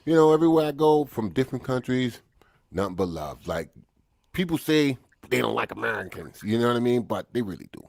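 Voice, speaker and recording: A man's voice: medium pitch, big pitch swings, fairly quick, gravelly, a little mellow, dry recording. Loose New York male co-host, casual storyteller, dry close mic. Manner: loose, swearing, storytelling with lots of "you know what I mean". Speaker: podcast co-host. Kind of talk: casual chat.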